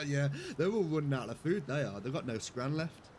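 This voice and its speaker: A man's voice: on the high side, lively intonation, unhurried, a little hiss or hum. A young British man giving casual live commentary on a game, chatty and giggly, swearing now and then. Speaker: streamer.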